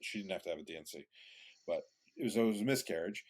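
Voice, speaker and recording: A man with a fairly low voice tells a loose, rambling story on a podcast. He restarts his sentences often and swears freely as he talks. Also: fast talker, darkish tone. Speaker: podcast co-host. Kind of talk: casual conversational storytelling.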